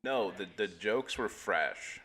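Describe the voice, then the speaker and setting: Low, bright-toned man co-hosting a loose comedy movie podcast, upbeat and repetitive. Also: lively intonation, takes it slowly, husky. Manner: enthusiastic, repeats words while searching for them. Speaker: podcast co-host. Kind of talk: casual comedy movie chat.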